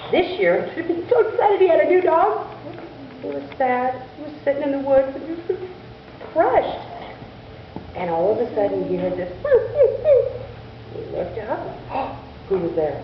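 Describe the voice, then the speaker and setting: A woman telling a church children's story in an animated way, asking the children questions as she goes, in a distant, echoey church recording. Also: high-pitched, moderate pace, pauses often, muffled recording, a little hiss or hum. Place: church sanctuary.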